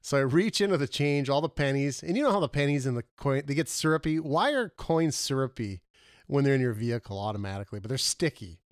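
A man's voice: medium pitch, fast, dry recording, studio quality. Chatty man telling road stories. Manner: animated storyteller, laughs often, trails off with fillers. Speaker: podcast co-host. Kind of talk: casual comedic chat.

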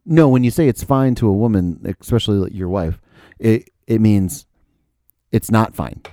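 A man's voice: on the low side, moderate pace, dark tone, dry recording. A man co-hosting a casual chat, cutting in with dry, teasing questions and remarks. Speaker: podcast co-host.

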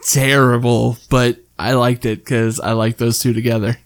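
A woman's voice: rumbling low, level tone, normal speed. A woman hosting a podcast in casual chat, laughing often and swearing casually. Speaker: podcast host.

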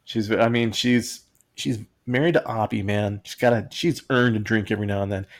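A man with a lowish voice, steady tone and moderate pace co-hosts a podcast full of casual, joking chat. He rambles and acts out quotes in silly voices.

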